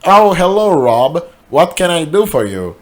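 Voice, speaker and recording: A man's voice: fairly high pitch, sing-song, unhurried, pitched above the performer's own voice. A man voicing a smug, all-powerful male corporate boss who talks in a pompous, condescending way.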